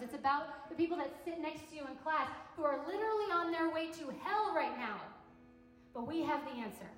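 High-voiced woman preaching in an echoey hall. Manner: animated, conversational preaching with acted-out quotes. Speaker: campus ministry speaker. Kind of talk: sermon. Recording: echoey hall with long reverb.

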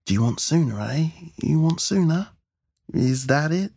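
A man's voice: fairly high pitch, animated, a little slow, vocal fry, mellow, no room sound, pitched above the performer's own voice, full character voice. A man voicing a menacing male hostage-taker who threatens and taunts his captive. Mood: taunting.

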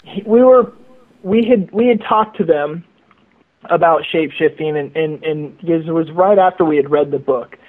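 A man's voice: on the high side, moderate pace. A man telling a story as a guest over the phone, rambling and repeating words. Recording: tinny phone line.

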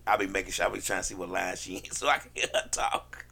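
A man's voice: sits low, flat delivery, quick pace, gravelly, sharp tone, breathy edge. A man co-hosting a casual podcast, joking crudely and laughing often. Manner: playful, crude, laughing banter. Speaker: podcast co-host.

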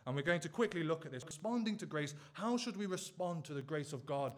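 A male preacher delivering a sermon in a voice sitting a little higher than most men's. He drives his point home with earnest rhetorical questions, leaning on each one. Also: animated, a little fast, a little hiss or hum.

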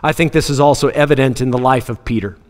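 A man preaching a sermon, animated, acting out Bible scenes in different voices and laughing often. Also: mid-range voice, fast talker. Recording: long hall reverb.

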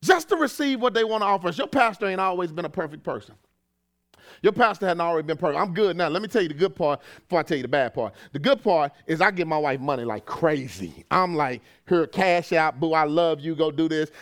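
A middle-aged man preaching a sermon as pastor, casual and conversational, sometimes rising to shouts. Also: on the high side, expressive, quick pace.

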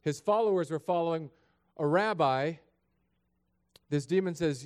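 A man's voice: a little high, measured pace, darkish tone, clear, resonant tone. A man preaching a sermon in a chapel, praying and reading scripture in an earnest, plain-spoken way that speaks straight to the congregation. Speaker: pastor.

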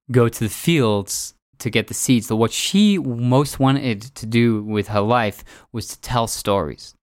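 A man tells a long story in a loose, reflective way, circling back with little restarts. His pitch sits in the middle range. The sound is dry, with no room echo. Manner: rambling, reflective, many fillers and restarts. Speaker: podcast host. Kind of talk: casual storytelling monologue.

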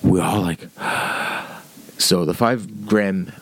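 Low-voiced man rambling through a profane story. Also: extremely slow, a bit bright, slightly rough. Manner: rambling, profane, with frequent fillers. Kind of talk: casual anecdote telling.

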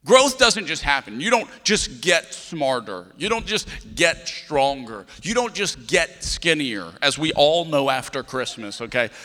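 A man's voice: a little high, sing-song, measured pace, hardly any pauses, sharp tone, long reverb tail. A man, a pastor preaching a sermon and telling a family story, acting out the dialogue with voices.

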